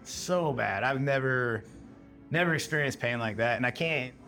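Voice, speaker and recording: American guy, middle-aged, casual war storyteller who acts out his own past lines, mid pitch. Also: normal speed, pushed and bright, faint music behind. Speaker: guest, military veteran. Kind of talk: personal war story told in conversation.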